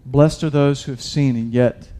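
This time the preacher's voice is medium-pitched, steady and dark, at a moderate pace. He speaks to the congregation directly in a casual way, calling them "guys" and often restarting mid-sentence.

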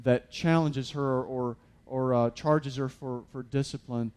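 A man's voice: mid-range voice, fairly even intonation, unhurried, darkish tone, clean tone. A man preaching a sermon as a pastor, conversational with many fillers and restarts, building to emphatic peaks.

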